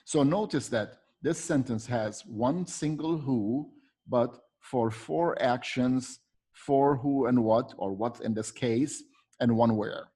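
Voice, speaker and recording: A teacher trainer with a medium-pitched, dark, slightly breathy voice walks teachers through a lesson slowly. In this recorded walkthrough, he poses his own questions and answers them step by step.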